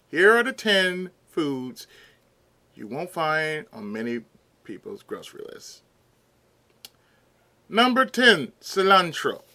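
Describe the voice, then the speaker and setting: A man's voice: fairly high pitch, pushed and bright. A man vlogging in a casual, exasperated rant, sometimes eating as he talks. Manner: exasperated, ranting, eats while talking. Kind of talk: casual ranting commentary.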